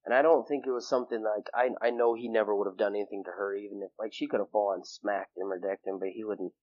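A man's voice: fairly low pitch, fairly even intonation, quick pace, highs cut off. A young man, a guest in an interview, telling a personal story casually, full of fillers and acting out what others said. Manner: rambling, filler-heavy, acts out quoted people in a raised voice.

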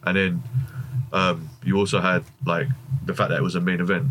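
A man's voice: low-pitched, flat delivery, a bit bright, a little hiss or hum. A man, a wrestler, talking thoughtfully in casual chat. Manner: fast, thoughtful, many fillers.

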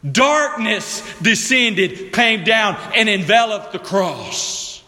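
Man preaching slowly in a reverberant hall. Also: expressive. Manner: slow, emphatic preaching with dramatic drops to a low hushed voice; talks directly to the congregation. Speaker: pastor. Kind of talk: sermon.

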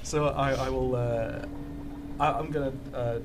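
A man's voice: mid-range voice, steady tone, measured pace, noisy background. A man, a player chatting at a tabletop game, hesitant and restarting.

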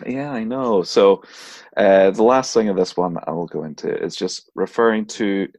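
A man's voice: low voice, normal speed, a little mellow, no echo. A man co-hosting a podcast, casually telling a spooky folklore story, laughing often and putting on silly voices for the characters. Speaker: podcast co-host.

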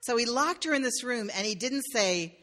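Woman, pastor, sermon storytelling, playful asides, bright voice. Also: on the high side, lively intonation, moderate pace. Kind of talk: sermon told as a fairy tale.

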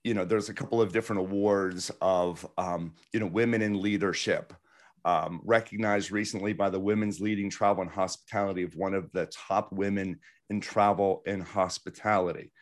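A man's voice: low-pitched, steady tone, normal speed. Enthusiastic male podcast host. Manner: enthusiastic, affirming, with many fillers. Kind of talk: casual interview talk.

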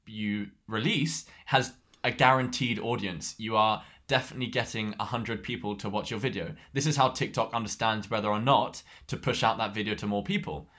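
Guy chatting on a podcast, bright voice, lively storyteller. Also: mid-range voice. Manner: animated storytelling, laughs often. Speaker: podcast co-host. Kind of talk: casual chat.

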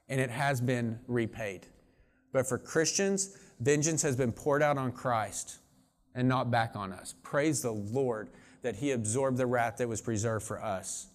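A middle-aged man preaching a sermon in an earnest, conversational way, pressing his points with emphasis. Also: mid-range voice. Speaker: pastor.

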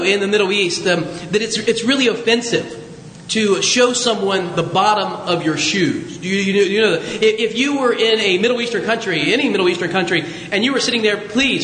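A male pastor preaching a sermon with lively storytelling, jokes and asides, recorded in an echoey hall with a faint rumble.

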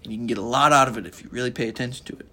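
A man's voice: mid-range voice, very fast, bright, forceful tone. A man teaching the Bible on a podcast in an informal, earnest and emphatic way, with a chatty delivery full of fillers.

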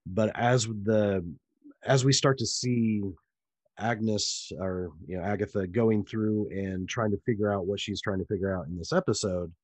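Low-voiced, wry man giving fan commentary. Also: steady tone, unhurried, dry recording. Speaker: podcast co-host. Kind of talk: casual chat about a TV show.

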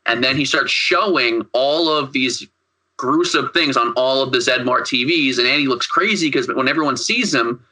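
Man, podcast co-host, very bright tone, rambling casual chat, swears a lot, lots of ums and likes. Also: medium pitch, moderate pace, poor audio. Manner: rambling, filler-heavy and profane. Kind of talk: casual movie recap chat.

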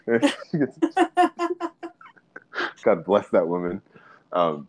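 A man's voice: low-pitched, drawn-out words, long pauses, poor audio. Joking guy on a podcast, lots of laughs, voice swoops all over. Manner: animated, joking, laughs a lot. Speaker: podcast guest. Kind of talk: casual chat.

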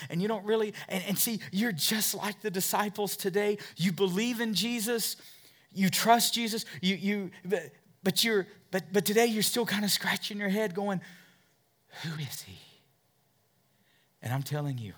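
A middle-aged male pastor preaching a sermon in a church, asking the congregation questions and swinging from loud, emphatic lines to hushed, near-whispered appeals. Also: sits high, normal speed. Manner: asks the congregation questions and repeats words as he builds.

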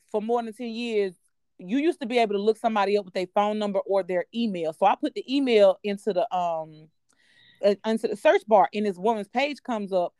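Woman spilling a wild story on her podcast, cussing a lot, lively, mid pitch, dead dry room. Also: clear, resonant tone, dry recording. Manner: candid, profane, animated storyteller. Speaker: podcast co-host. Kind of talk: casual storytelling chat.

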